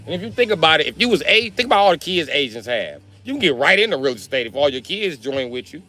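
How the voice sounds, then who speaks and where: A male comedian riffs through a profane story with lively, swooping pitch and a bright, forceful tone. Faint music plays behind him. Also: fast talker. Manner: animated, profane, riffing. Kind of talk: profane comic storytelling on a live stream.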